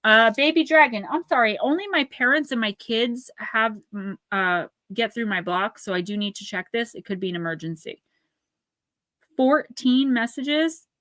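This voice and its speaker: This oracle card reader speaks at a moderate pace in a slightly high, bright, clear voice during a live reading. Warm and sincere, she calls viewers by name. The audio is close and dry without any room echo.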